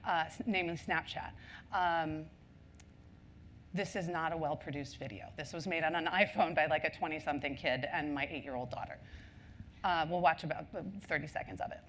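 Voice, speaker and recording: A woman with a fairly low voice gives a conference talk on marketing. She tells it like a story, loose and chatty, full of ums and quick asides. There is a faint hum of noise behind her. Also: a bit bright.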